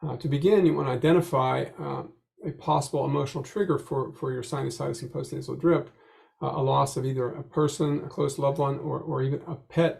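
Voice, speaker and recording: Man, very gravelly voice, slightly high, guided tapping instruction, halting with fillers, chanted affirmations. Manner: slow, halting delivery with frequent "uh" fillers; repeats affirmation phrases in a steady chant. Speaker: EFT tapping coach.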